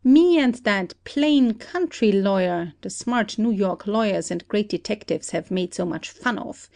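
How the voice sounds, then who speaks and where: A woman as a calm, shrewd country detective. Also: mid-range voice. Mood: calm accusation. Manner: steady, deliberate accusing. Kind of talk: amateur audiobook play reading.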